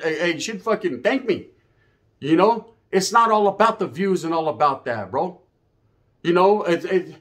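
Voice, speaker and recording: Brief: man ranting on his channel, cussing and confrontational, slightly higher voice. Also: a bit bright. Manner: profane, confrontational, swaggering. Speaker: YouTuber. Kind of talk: ranting monologue to camera.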